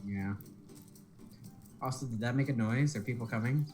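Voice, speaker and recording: A male gamer with a mid-pitched voice plans the next moves of a co-op game, dropping dry, teasing remarks at his partner. Faint game music sits behind his voice. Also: normal speed, a little mellow. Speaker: co-op gaming partner. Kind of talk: casual let's-play chat.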